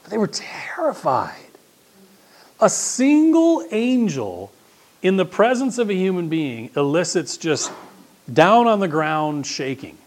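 A middle-aged man preaching a sermon as pastor, swinging between loud emphasis and hushed, quiet asides. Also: sits high, very animated, takes it slowly.

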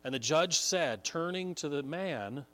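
A man's voice: on the high side, animated, measured pace, fairly bright tone. A man preaching a sermon, telling a story earnestly and building to emphatic points. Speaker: pastor.

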